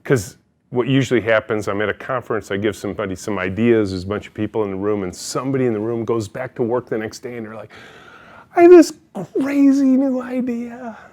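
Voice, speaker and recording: A middle-aged company CEO gives an energetic keynote built on storytelling, animatedly acting out the people and quotes in his anecdotes. His voice is on the low side and he talks at a quick pace.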